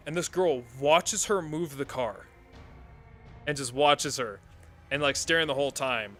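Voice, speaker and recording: A man's voice: on the high side, normal speed, sharp tone, faint music behind. A young man streaming a game, telling a rambling story with frequent laughter and casual swearing.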